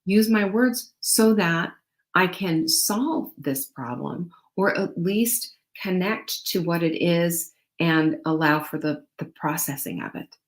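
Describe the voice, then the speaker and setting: A middle-aged woman, pitched a little low, talks casually and encouragingly to her viewers as a show host. She is animated and chatty, speeding up and slowing down as she makes her points. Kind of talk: casual motivational talk to viewers.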